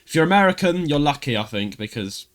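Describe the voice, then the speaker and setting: A man with a Cockney accent, co-hosting a casual podcast and telling stories with loud acted outbursts. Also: a little high, very animated, quick pace. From London, England. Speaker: podcast co-host.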